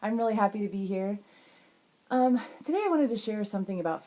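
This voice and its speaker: A woman's voice: mid-range voice, lively intonation, quick pace, warm tone. A young woman talking candidly to camera in a casual vlog, rambling with frequent restarts. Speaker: vlogger.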